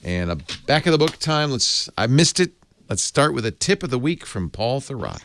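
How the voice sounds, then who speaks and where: A man hosting a tech podcast, reading a lively sponsor pitch and chatting casually with playful asides into a studio mic. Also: moderate pace, slight background noise. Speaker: podcast host. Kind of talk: ad read and casual chat.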